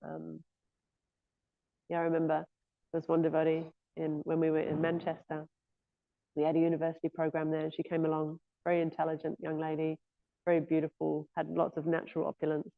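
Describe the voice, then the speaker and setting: A woman gives a relaxed scripture class, pausing often with soft fillers as she gathers her thoughts. Her voice stays fairly flat and even in pitch. The audio is thin and phone-like. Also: gravelly. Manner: hesitant, frequent "um" and "yeah" fillers. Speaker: guest speaker giving a scripture class. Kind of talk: informal scripture class talk. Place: temple class room.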